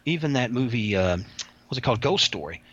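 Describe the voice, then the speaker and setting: Rambling male interview guest, husky tone, dull lo-fi recording. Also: medium pitch, lively intonation, brisk, a bit bright. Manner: rambling, repeats words. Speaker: interview guest, former prison officer. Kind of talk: casual interview storytelling. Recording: dull lo-fi sound.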